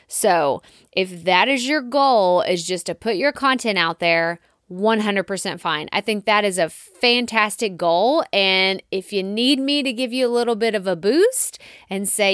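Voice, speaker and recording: A woman's voice: medium pitch, a little slow, fairly bright tone, no echo, studio quality. A woman with a Texas accent hosting a solo podcast, talking in a chatty, encouraging way and acting out her listeners' worries. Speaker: podcast host. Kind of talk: solo podcast coaching talk.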